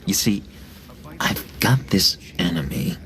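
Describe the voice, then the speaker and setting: Clingy unstable ex-inmate, slow drawl, wild pitch swings, game voice. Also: male voice, animated, a bit bright, heavily acted. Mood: apologetic. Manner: erratic, whispery, swings from pleading to threatening. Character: unstable, clingy man, ex-asylum inmate with sudden menace. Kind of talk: video game voice acting.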